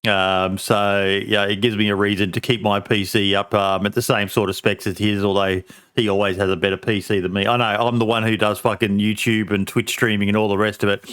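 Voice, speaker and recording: A man's voice: on the low side, flat delivery, fairly quick, a bit bright, smooth. A middle-aged man hosting a podcast in casual chat, swearing freely and laughing often. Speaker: podcast host.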